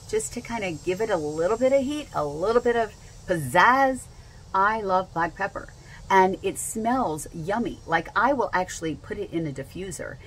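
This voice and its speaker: A woman's voice: mid-range voice, slight background noise, low-quality recording. A woman gushing enthusiastically as she unboxes and shows off products in a casual vlog at home. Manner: gushing and enthusiastic, repeats herself. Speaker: essential oils seller.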